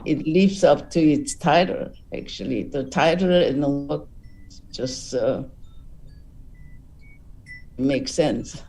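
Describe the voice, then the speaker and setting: A woman's voice: low voice, takes it slowly, long pauses, a little mellow, far from the mic, low-quality recording. A woman serving as juror, giving a thoughtful, hesitant spoken critique of a painting over a video call.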